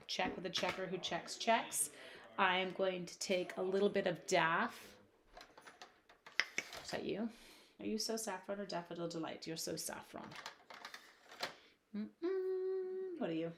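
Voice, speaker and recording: A woman's voice: fairly low pitch, moderate pace, creaky. Chatty woman on a noisy crafting stream. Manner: chatty and scatterbrained, talks to her supplies. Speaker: craft demonstrator reading live viewer comments. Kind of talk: casual live-stream crafting chat. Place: home craft desk. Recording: noisy home live stream.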